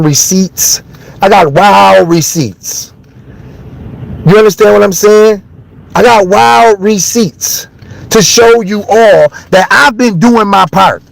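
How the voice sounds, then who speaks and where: A man talks straight into his phone on a live stream, loud and worked up. His voice sits high for a man. He is blunt and swears freely as he vents to his chat. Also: creaky, low-quality recording. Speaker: livestreamer. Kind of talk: livestream rant to chat.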